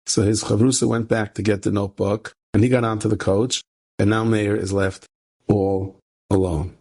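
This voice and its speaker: A rabbi telling a story in an animated sermon style, repeating phrases for emphasis and jumping into high voices for the characters. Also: male voice, slightly rough. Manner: animated, acts out characters with sudden high-pitched quoted voices.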